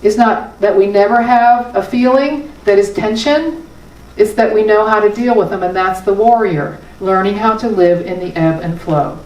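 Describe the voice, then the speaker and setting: A woman's voice: medium pitch, normal speed, darkish tone. A woman speaking as a spiritual teacher, her sermon conversational and punctuated by firm, repeated points. She sounds some distance from the microphone, and the room rings with echo around her mid-range voice. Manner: conversational, emphatic, with small laughs. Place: spiritual center hall. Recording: roomy hall from a distance.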